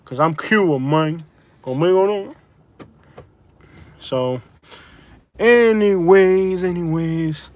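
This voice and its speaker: Chatty guy from florida vlogging in his car, rambles a lot, kinda higher voice. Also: drawn-out words, long pauses. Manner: rambling, digressive, talks to chat and passenger. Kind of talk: casual chat while driving.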